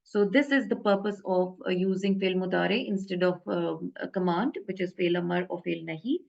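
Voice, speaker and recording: A woman's voice: lowish voice, steady tone, normal speed, creaky, darkish tone, muffled recording. A woman teaching an Arabic grammar lesson in a casual, hesitant way, full of fillers and self-corrections.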